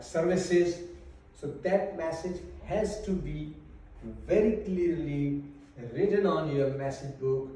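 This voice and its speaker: A man teaching a class, explaining slowly and carefully with pauses. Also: fairly high pitch, dark tone. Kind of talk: classroom lesson. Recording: echoey room, mic far off.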